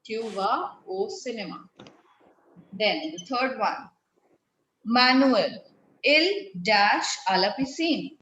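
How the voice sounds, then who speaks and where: A woman's voice: fairly high pitch, animated, slow, long pauses, a bit bright, slight background noise. A woman teaching French to a class, patiently asking pupils questions. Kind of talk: classroom lesson. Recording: echoey classroom, dull lo-fi sound.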